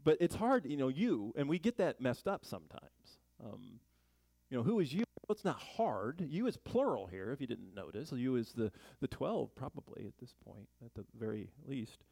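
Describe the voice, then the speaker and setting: A man's voice: mid-range voice, big pitch swings, moderate pace, gravelly, dark tone, dry recording. A man teaching a Bible study in a chatty sermon style, full of joking asides and rhetorical questions.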